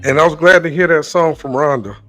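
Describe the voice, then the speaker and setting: A man's voice: a little high, fairly quick, a bit bright, dry recording, faint music behind. A man co-hosting a morning talk show, sounding sleepy and groggy, chatting loosely and joking with the others. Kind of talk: casual chat.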